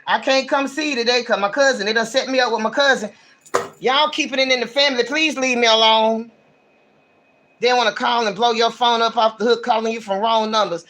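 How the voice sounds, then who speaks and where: A man's voice: extremely high pitch, steady tone, a little fast, sharp tone. A man giving a casual livestream tarot reading, talking in a blunt, slangy, ranting way. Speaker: tarot reader.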